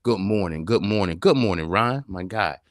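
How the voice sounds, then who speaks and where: A man's voice: deep voice, lively intonation, moderate pace, no echo, clean studio sound. A man hosting a live-streamed podcast, talking in an emphatic, preacher-like way and firing off repeated rhetorical questions. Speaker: podcast host. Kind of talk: live-streamed motivational talk.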